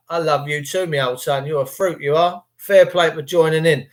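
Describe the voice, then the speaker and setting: Rambling, crude English bloke. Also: male voice, a little high, measured pace. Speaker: livestream host reading chat. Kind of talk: rambling casual monologue.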